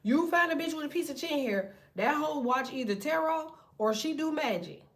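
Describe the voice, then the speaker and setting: A woman hosting a tarot livestream, telling stories in a profane, animated way and acting out other people. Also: high-pitched, normal speed, distant mic. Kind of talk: casual livestream rant.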